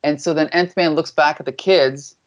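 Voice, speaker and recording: A man co-hosting a casual podcast chat, recapping a comic in a halting way, with many fillers and "and then"s. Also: on the high side, fairly even intonation, lo-fi sound. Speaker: podcast co-host.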